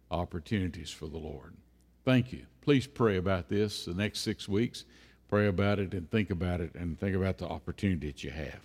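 A lower-pitched man delivering a sermon from the pulpit. He speaks unhurriedly, circling back over his phrases with frequent "uh" pauses. His voice carries a long reverb off the walls of a church hall. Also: darkish tone. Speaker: preacher. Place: church sanctuary.

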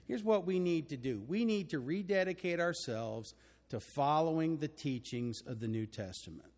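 An older man with a Texan accent preaching a sermon, earnest and emphatic, building to loud declarations. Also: fairly high pitch, animated, moderate pace, in a large hall. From Texas. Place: church auditorium.

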